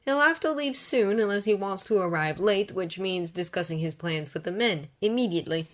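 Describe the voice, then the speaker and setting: A woman narrating fanfiction aloud in a steady, unhurried reading voice. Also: medium pitch.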